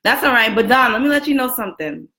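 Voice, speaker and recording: Bright, lively young woman hosting a live chat. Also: on the high side, fast talker. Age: 20s. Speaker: livestream host. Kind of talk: casual live video chat. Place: room at home with a roommate next door. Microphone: camera and phone set up for a live stream.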